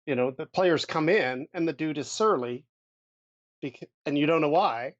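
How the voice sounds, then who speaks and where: A man's voice: on the high side, dry recording, lo-fi sound. A man co-hosting a podcast, chatting casually about running tabletop games, with many thoughtful restarts. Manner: thoughtful, restarts a lot, drifts loose and slow. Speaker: podcast co-host, game master.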